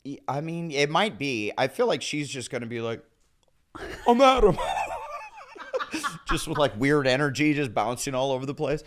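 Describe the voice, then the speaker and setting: A man's voice: medium pitch, a little fast, few pauses. A man in his forties, a comic actor as a guest, chatting and telling stories with acted-out quotes and frequent laughs. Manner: animated, acts out voices in quotes, laughs often. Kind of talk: casual storytelling chat.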